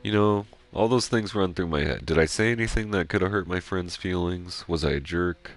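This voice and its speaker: A man's voice: sits low, normal speed. A man streaming a game, chatting casually in a rambling way, swearing freely and musing about himself. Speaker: gaming streamer. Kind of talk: casual chat while playing.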